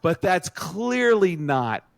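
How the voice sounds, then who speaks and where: A man's voice: slow pace, creaky, no room sound. A man co-hosting a podcast, telling a story to friends in casual chat and acting out the quotes. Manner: animated, acts out quotes with rising pitch. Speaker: podcast co-host.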